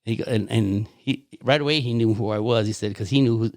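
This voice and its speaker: Older guy from the us spinning a story, gravelly voice, dry close sound, stumbles and repeats himself. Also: on the low side, a little fast, dry recording. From United States. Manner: animated anecdotal storyteller, repeats words, laughs often. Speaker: podcast guest. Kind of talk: casual storytelling chat.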